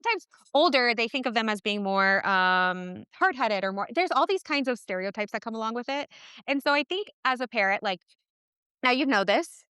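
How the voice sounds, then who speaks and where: A woman guest on a parenting podcast, talking in a passionate, animated way with quick asides. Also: fairly high pitch, clear, resonant tone, dry recording, studio quality. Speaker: podcast guest, twin mom. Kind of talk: casual interview chat.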